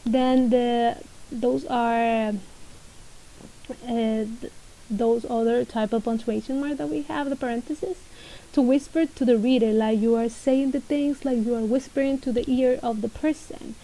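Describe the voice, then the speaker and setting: Woman teacher, spanish first language, higher voice, soft mellow tone, patient and repetitive. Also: fairly even intonation, a little slow, rough recording. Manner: patient, repetitive, stresses key words. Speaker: reading teacher. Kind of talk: recorded lesson explanation.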